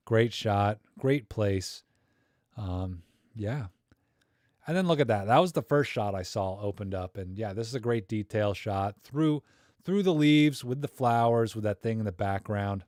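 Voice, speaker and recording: A man's voice: mid-range voice, darkish tone, no room sound. Joking man in a dry close room. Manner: joking, rambling, thinks aloud with many fillers. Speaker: livestream host critiquing viewer photos. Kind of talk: casual live-stream chat.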